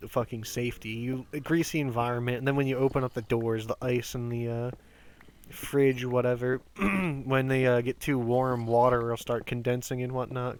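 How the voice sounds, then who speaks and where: A man in his twenties telling rambling work stories on a game stream, animated, swearing often and stumbling over restarts. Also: mid-range voice. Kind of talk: casual storytelling while gaming.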